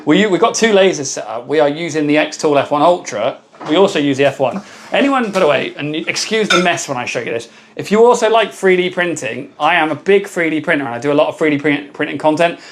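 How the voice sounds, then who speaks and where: Brief: chatty British male streamer, slightly high voice, upbeat and friendly, faint hum behind. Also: expressive, a little fast. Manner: chatty, upbeat, thanks viewers by name. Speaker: livestream host. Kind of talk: casual live-stream chat.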